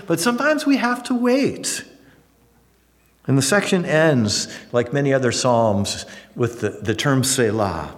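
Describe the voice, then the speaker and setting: A man teaching through a psalm in a folksy, animated way, acting out the psalmist's prayers. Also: mid-range voice, unhurried, in a large hall. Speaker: Bible teacher. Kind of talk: casual Bible teaching.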